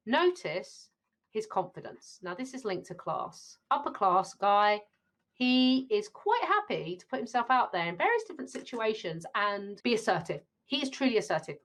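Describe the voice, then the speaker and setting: A woman's voice: mid-range voice, very animated, moderate pace. A woman with a British accent giving an exam revision lesson, reading lines from a play aloud and explaining them to viewers in a chatty way. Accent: British English. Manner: chatty, addresses viewers directly. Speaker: English teacher.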